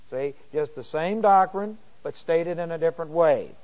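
Man teaching a slow, deliberate Bible lesson. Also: a little high, expressive, darkish tone. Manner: slow, deliberate reading of verses, frequent throat-clearing.

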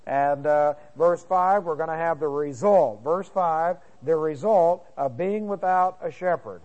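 A man's voice: a little high, unhurried, hardly any pauses, a little mellow, rough recording. A man as pastor teaching a sermon verse by verse, reading scripture aloud and breaking in with comments, with many fillers and restarts.

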